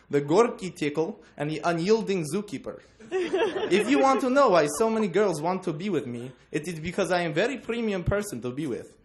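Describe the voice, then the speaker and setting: A man's voice: on the high side, pitched above the performer's own voice. A young man voicing a boastful young male translator in a Russian accent, with mangled grandiose English. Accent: Russian, put on. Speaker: student presenter reading aloud.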